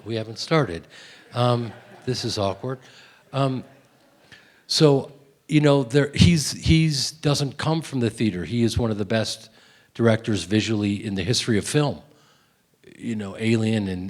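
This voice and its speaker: An actor answers audience questions at a film festival Q&A, telling rambling, self-deprecating stories with animation and many restarts. His voice is fairly low and his pace measured.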